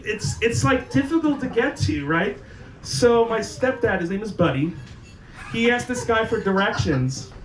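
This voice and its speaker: Male stand-up comic, high-pitched, profane storyteller; distant mic, noisy crowd. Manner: profane, animated storytelling with acted quotes. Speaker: stand-up comedian. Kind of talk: stand-up comedy set. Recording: echoey room, far from the mic, noisy.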